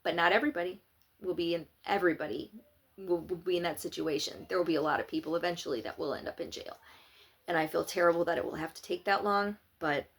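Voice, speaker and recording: A woman's voice: on the low side, quick pace, a bit bright. A woman giving opinionated, sarcastic political commentary in a casual vlog. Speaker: political vlogger.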